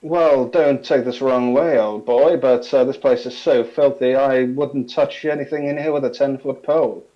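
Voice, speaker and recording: A man playing a sardonic fussy gentleman adventurer. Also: mid-range voice, steady tone, normal speed, hardly any pauses, natural voice. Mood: disdainful. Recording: slightly dull, lo-fi mic.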